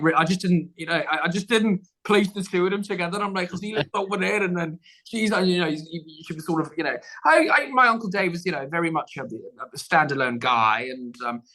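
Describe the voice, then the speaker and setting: This man's voice sits a little high and sounds a bit bright, though the recording is rough. As a podcast guest actor in casual conversation, he spins out a long, rambling tale full of restarts and acted-out quotes.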